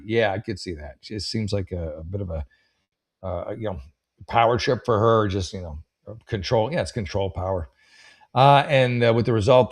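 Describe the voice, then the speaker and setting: A man hosting a comedy show, reading letters aloud and riffing with rambling, wry asides. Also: on the low side. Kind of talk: casual comedic commentary.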